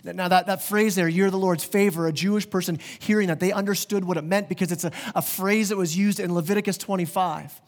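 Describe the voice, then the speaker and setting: Man, pastor, sermon, high voice, animated, repeats words, speaks straight to the crowd. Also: fast talker, few pauses. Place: church.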